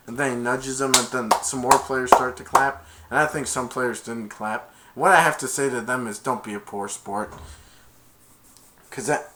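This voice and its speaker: A man casually retelling a movie plot as a reviewer, stringing events together with "and then" and jumping into loud high-pitched character quotes. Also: background noise.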